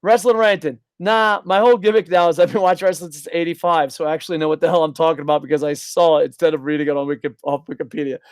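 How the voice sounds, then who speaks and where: A man from New Jersey co-hosting a casual podcast, talking in a profane, excitable way and loudly acting out announcers. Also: on the high side, quick pace, hardly any pauses, smooth. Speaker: co-host.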